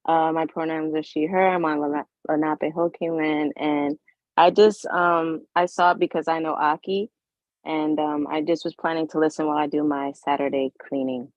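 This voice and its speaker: A woman introducing herself in a relaxed, laughing way on a video call. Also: deep voice, moderate pace, no room sound, lo-fi sound. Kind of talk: casual self-introduction.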